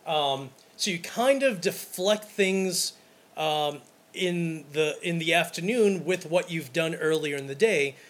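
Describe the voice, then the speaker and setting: A man with a fairly high voice talks casually, as if on a podcast, about his work shooting weddings. He tells stories emphatically, acts out the scenes, and often restarts his sentences. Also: slow pace. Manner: animated, emphatic storyteller who acts out scenes; talks in repeated false starts. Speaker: wedding photographer.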